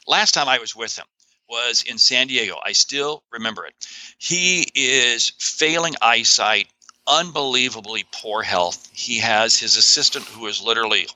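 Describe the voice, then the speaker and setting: A man talking as a guest author in a podcast interview, animated and emphatic, with frequent exclamations. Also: medium pitch, no echo, rough recording.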